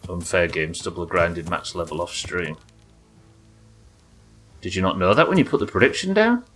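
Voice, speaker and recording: Guy on a live game stream, low voice, crude and jokey, faint music under it. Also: wildly swooping pitch, normal speed, a bit bright. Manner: casual, profane, jokey; yelps high in tense fights. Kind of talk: live gameplay commentary.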